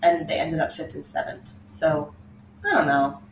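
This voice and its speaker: A young woman co-hosting a casual podcast chat, talking quickly and laughing often. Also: low voice, little pitch movement. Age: young adult. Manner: chatty, laughs often, does mock voices of drivers. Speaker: podcast co-host. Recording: echoey room, mic far off, faint noise.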